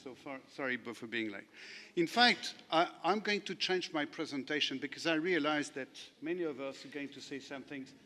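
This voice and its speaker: A man's voice: on the high side, moderate pace, pushed and bright, big-room sound. A man from France with a French accent, a lawyer giving a self-deprecating, anecdotal conference talk. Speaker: panel speaker, lawyer. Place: large conference hall.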